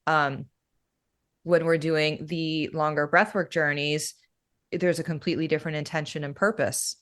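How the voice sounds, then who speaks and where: A woman who works as a breathwork facilitator, explaining her practice in a relaxed, casual way that is full of "you know" and "right?". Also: low voice, moderate pace.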